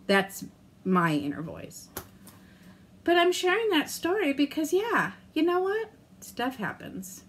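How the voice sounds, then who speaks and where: A middle-aged woman vlogging in a casual, candid and rambling way, self-deprecating, with mild cursing and lively swings in tone. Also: extremely high pitch, measured pace, slight background noise. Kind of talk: casual chat to camera.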